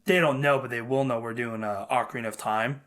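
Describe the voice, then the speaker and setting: A young man co-hosting a podcast in casual chat, telling animated stories and breaking into sudden shouted impressions. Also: medium pitch, a little fast. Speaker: podcast co-host.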